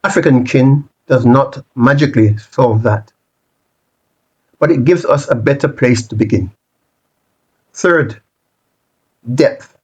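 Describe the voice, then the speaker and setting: A man presenting a reflective monologue, speaking in deliberate, repetitive rhetorical phrases with the odd restart. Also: medium pitch, darkish tone, husky, rough recording. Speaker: channel presenter.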